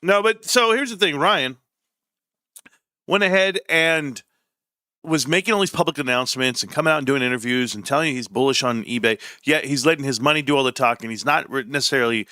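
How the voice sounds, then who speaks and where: A man from California ranting casually on a livestream, animated and sarcastic, with frequent swearing. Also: mid-range voice, fairly quick, no room sound, clean studio sound. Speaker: stock market streamer.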